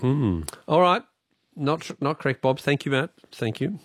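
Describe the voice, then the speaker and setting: A man's voice: mid-range voice, lively intonation, moderate pace, dry recording. An Australian man hosting a talkback radio quiz, chatty and wry as he teases callers.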